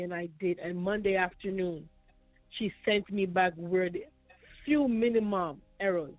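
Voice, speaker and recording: A woman's voice: fairly low pitch, a little slow, dry recording. A woman guest telling her personal story in an interview, emotional and repetitive. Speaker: guest author. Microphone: phone call. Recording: tinny dry phone line.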